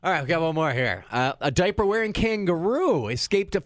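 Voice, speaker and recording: A man's voice: fairly high pitch, sing-song, fairly quick, dry recording, clean studio sound. A man hosting a radio morning show, reading odd news stories aloud and cracking jokes between the lines. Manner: jokey, reads stories aloud with wisecracks. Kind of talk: casual radio banter, reading news items.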